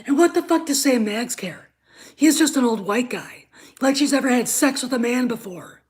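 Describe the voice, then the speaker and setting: Lady host going off in an angry sweary rant, kinda high voice, stammers, yells then mutters. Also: lively intonation, normal speed. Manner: profane, swings from shouting to muttered asides; repeats herself, stammers when worked up. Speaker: show host. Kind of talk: angry ranting commentary.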